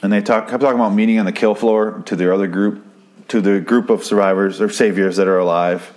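A man's voice: fairly low pitch, steady tone, fast talker, a little mellow. A man hosting a podcast, recapping a TV episode in a casual, profane, rambling way, often stopping and restarting his sentences. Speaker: podcast host.

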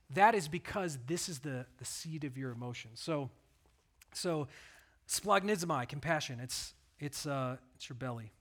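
A middle-aged pastor giving a conversational sermon, telling stories in an earnest, plain way. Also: male voice, a little high, fairly bright tone.

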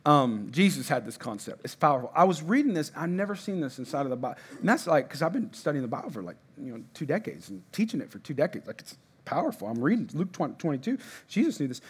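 A man's voice: on the high side, sing-song, fast, husky. A middle-aged man preaching a sermon as a pastor, in a conversational way, repeating himself and asking the congregation to respond.

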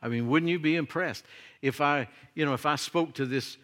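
A man's voice: on the high side, normal speed, a bit bright. A middle-aged man preaching a sermon to his congregation in a conversational way, full of questions and light humor. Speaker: pastor.

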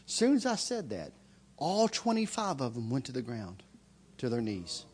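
A man preaching a sermon as a story, swinging from loud, excited shouts to hushed, intense lines. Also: mid-range voice, normal speed, husky.

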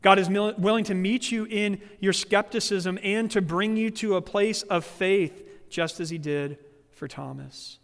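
Preaching a sermon in a church sanctuary, this male pastor keeps an unhurried pace. His high, lively voice shifts into playful quoted characters, all carried on a long hall reverb.

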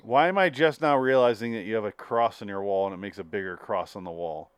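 A man's voice: fairly low pitch, fast, smooth, no echo. A man co-hosting a casual podcast, retelling TV scenes and acting them out. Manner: animated storyteller who acts out scenes. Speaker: podcast co-host. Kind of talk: casual chat, reacting to a TV show.

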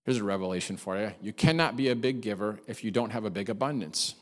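Fast-talking pastor in a reverberant hall. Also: male voice, on the low side. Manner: animated, chatty, self-deprecating humor. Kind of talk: sermon with storytelling.

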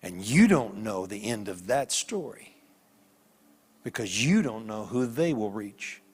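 A man preaching a sermon as a guest preacher, telling stories with lively voiced characters. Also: fairly low pitch, measured pace, slightly rough. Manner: animated storytelling with voiced characters. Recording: long hall reverb.

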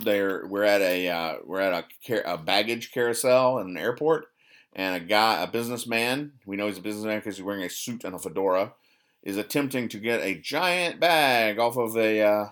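Deadpan man rambling through comic strips. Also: lowish voice, normal speed. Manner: rambling, self-correcting, dry sarcastic explanations. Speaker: podcast host.

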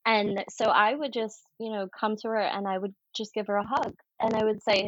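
A woman's voice: mid-range voice, level tone, normal speed, hardly any pauses, a bit bright, husky, dry recording. A woman guest telling her story earnestly in candid conversation, acting out the voices she remembers. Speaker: podcast guest. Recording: dull lo-fi sound.

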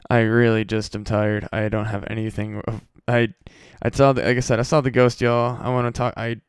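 A man's voice: mid-range voice, flat delivery, fairly quick, clear, resonant tone, dry recording. A tired man from the Midwest rambling casually and profanely as a solo podcast host. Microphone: home podcast mic.

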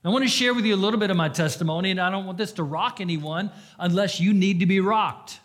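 Male pastor, sermon delivery, slightly high voice, earnest, shifts from forceful peaks to near-whispered moments. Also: quick pace. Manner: earnest, swings between loud emphasis and hushed confession.

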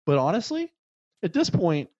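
A man co-hosting a casual chat, telling a road-trip story with lively acted-out quotes. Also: moderate pace. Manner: animated, acts out quotes in loud high voices. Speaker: podcast co-host. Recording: dull, dry lo-fi sound.

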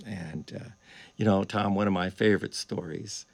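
A male musician telling stories in a casual chat, animated and chuckling often. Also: sits low, moderate pace, gravelly. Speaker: guest musician. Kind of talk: casual storytelling.

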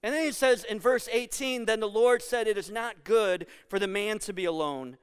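A high, smooth-toned man delivers a sermon as pastor. He talks to the congregation in a loose, joking way and then drives his points home with emphasis. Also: moderate pace. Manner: conversational and jokey, building to emphatic points.

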